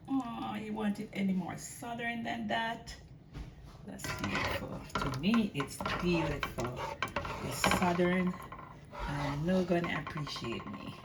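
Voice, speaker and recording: A woman hosting a casual cooking vlog, chatty and excitable, talking to her viewers as she cooks in her home kitchen. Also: lowish voice, slow, vocal fry. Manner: chatty and excitable, often calling viewers "guys". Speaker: cooking channel host. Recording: voice far from the mic over loud boiling pot noise.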